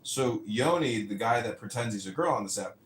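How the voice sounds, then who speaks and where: A man's voice: medium pitch, animated, fairly quick. A man ranting casually as a podcast host, rambling, profane and mocking. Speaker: podcast host and mayoral candidate. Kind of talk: casual rant. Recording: echoey room with faint ambient noise.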